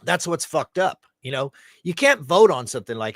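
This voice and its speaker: A middle-aged man delivers a heated, profane rant with heavy sarcasm. His pitch swings widely as he mimics the people he mocks. The sound is dry and close, with no room behind him. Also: wildly swooping pitch, brisk, dry recording. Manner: profane, sarcastic, acts out quoted voices. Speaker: show host. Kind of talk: ranting political commentary.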